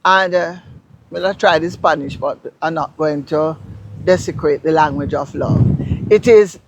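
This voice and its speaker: A woman from Jamaica with a Jamaican accent, a guest explaining local words in a casual interview, telling stories in an animated, emphatic way. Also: sits low, moderate pace. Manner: animated storyteller, lively and emphatic.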